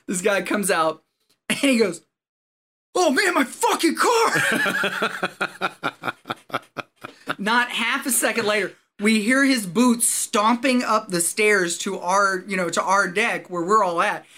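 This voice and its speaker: A man, a former Marine, telling a story in casual chat, animated and profane, often laughing as he talks. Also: high voice, a little slow.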